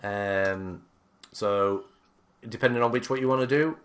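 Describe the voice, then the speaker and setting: A man narrating as game master of a tabletop game, unhurried and hesitant with many fillers. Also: fairly low pitch.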